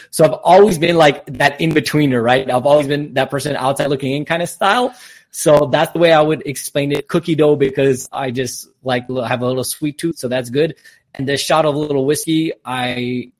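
A man from Canada, a professional speaker appearing as a guest on a podcast, talking in a confident, upbeat way in quick bursts. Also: mid-range voice. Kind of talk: casual podcast interview.

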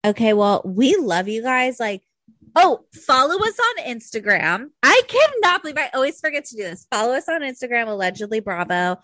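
A young adult woman co-hosting a podcast in casual chat, animated and swearing freely, on a close mic. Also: a little high, moderate pace, no room sound. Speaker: podcast co-host.

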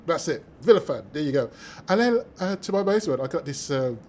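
A British man, a mathematician guest, telling stories with lively energy, acting out the voices of people he quotes and laughing as he goes. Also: on the high side, fast, a little hiss or hum. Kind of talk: animated storytelling in conversation.

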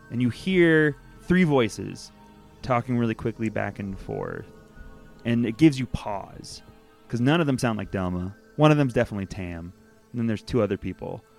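A man narrating as game master of a tabletop game, lively, laughing often and hesitating with fillers. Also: medium pitch.

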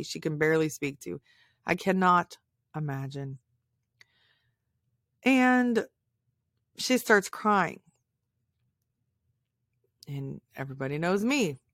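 A woman's voice: fairly low pitch, a bit bright, no echo. Heartfelt woman, dry close sound. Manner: emotional, heartfelt, tearful at times. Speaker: podcast host. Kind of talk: personal storytelling monologue.

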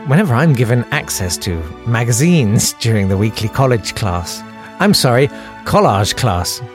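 A sinister old radio presenter who gushes over lovely things , as a comedian puts him on, in a hushed, lowered voice. He is soft, lingering and falsely sweet. A music bed hums underneath. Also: big pitch swings, moderate pace, lightly acted. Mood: sugary. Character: creepy older male radio presenter, sugary and sinister.

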